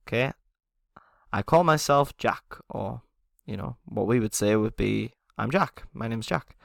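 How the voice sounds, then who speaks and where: A male language teacher with a gravelly, creaky voice, recorded dry and close. He explains things patiently to beginners, keeps checking in with "okay?" and chuckles at his own asides. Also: mid-range voice, measured pace, no room sound. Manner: chuckles at himself.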